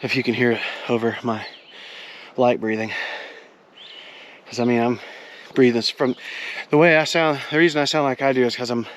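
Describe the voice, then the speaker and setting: A man's voice: mid-range voice, steady tone, normal speed, pauses often. Chatty man vlogging over background noise. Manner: chatty, joking, talks to the camera. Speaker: outdoor vlogger. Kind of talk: casual vlog narration.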